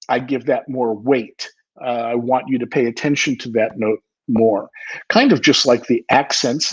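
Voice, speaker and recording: Older man lecturing on percussion, husky. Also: medium pitch. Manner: explanatory, sings rhythm syllables to demonstrate. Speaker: percussion educator giving a clinic. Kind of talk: online music clinic lecture. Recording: slightly muffled lo-fi audio.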